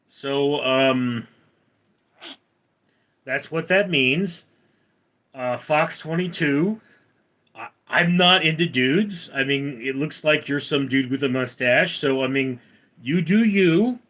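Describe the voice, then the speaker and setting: Slow-talking guy in his 40s doing a live stream, reading chat comments and rambling back at them. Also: medium pitch, bright, forceful tone. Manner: rambling, reads viewer comments aloud and answers them. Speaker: livestream host.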